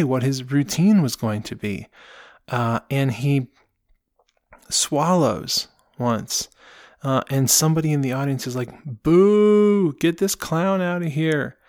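A man tells an improvised story in his own voice, rambling, restarting and filling pauses. His voice sits at an ordinary male pitch. The recording is close and dry. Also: a little mellow, no room sound. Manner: rambling, many fillers and restarts.

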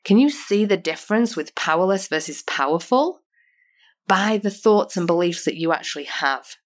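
English lady coach doing a motivational podcast, lowish voice, earnest and punchy, lots of rhetorical questions. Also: expressive, normal speed. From United Kingdom. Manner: earnest, emphatic, uses repeated rhetorical questions. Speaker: podcast host and personal coach.

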